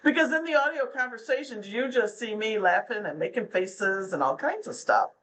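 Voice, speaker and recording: A woman's voice: on the high side, expressive, moderate pace, fairly bright tone, poor audio. A middle-aged woman, a podcast guest, chatting casually and telling stories, often slipping into the voices of the people she quotes. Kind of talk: casual interview chat.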